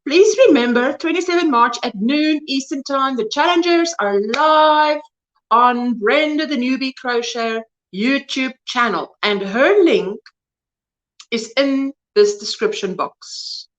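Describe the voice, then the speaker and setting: A woman in her fifties with a South African accent hosts a casual crochet livestream from indoors at home, chatting with viewers, greeting them by name and laughing often. Her voice is high-pitched, a little slow and slightly bright, on lo-fi sound.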